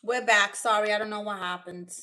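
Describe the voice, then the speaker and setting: A woman comedian chatting casually on a livestream from home, joking and reading out viewer comments in an expressive way. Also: medium pitch, fairly quick. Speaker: comedian streamer.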